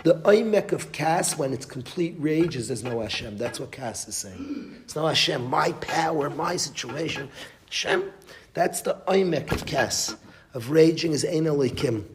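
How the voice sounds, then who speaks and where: A man's voice: on the high side, expressive, normal speed, noisy background. A man giving a Torah class as a rabbi, emphatic, repeating phrases and restarting mid-sentence, with Yiddish and Hebrew terms.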